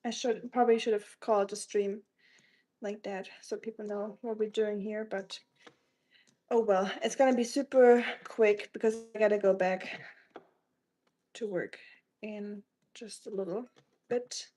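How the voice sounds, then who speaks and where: A woman with a mellow, medium-pitched voice chats unhurriedly with fairly even intonation and frequent pauses while live streaming her cooking at home. She greets viewers by name and makes teasing jokes, and the recording is rough.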